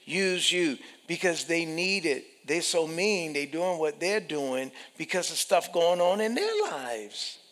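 A man preaching a sermon, emphatic and animated, repeating phrases and acting out the voices he quotes. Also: on the high side, slow, few pauses. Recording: long hall reverb.

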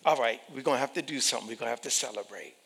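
A man preaching a sermon, emphatic and animated, repeating phrases and acting out the voices he quotes. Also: medium pitch, very fast, gravelly, husky. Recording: long hall reverb.

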